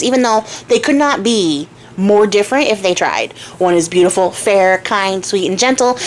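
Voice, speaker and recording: A young woman casually retelling a fairy tale to her viewers, playful and chatty, laughing often. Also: mid-range voice. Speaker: storyteller and crafter. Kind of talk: casual storytelling.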